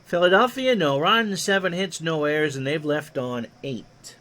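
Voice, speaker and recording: Man calling replay baseball, slightly high voice. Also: normal speed. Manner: reads stats in a steady run, jokes with chat between plays. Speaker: play-by-play announcer. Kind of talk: replay baseball commentary with chat asides.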